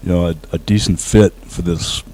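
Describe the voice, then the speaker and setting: A very low, mellow-voiced man speaks as a guest in an interview. He talks about his work humbly, with frequent fillers and restarts. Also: fairly even intonation, moderate pace, rough recording. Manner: humble, hesitant with many fillers. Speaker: actor guest. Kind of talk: casual interview.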